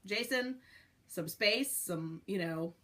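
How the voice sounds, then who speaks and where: A woman's voice: medium pitch, slow, a bit bright. A young pregnant woman talking candidly to the camera in a rambling, casual way, with many fillers. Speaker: pregnant vlogger.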